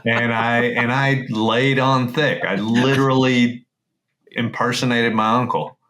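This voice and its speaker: A Texan man at a middle pitch, telling audition stories with energy and acting out the voices of the people in them. He talks plainly and directly, as on a casual podcast. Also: unhurried. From Texas. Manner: animated storyteller, acts out dialogue. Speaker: podcast co-host, actor and comedian. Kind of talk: casual chat, storytelling.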